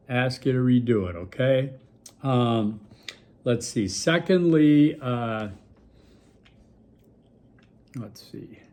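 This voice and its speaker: A man's voice: medium pitch, a little mellow. Casting note: male instructor from Milwaukee, loose and chatty, filler-heavy recorded class video, mid-range voice. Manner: casual, rambling, lots of fillers and check-ins. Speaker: college instructor.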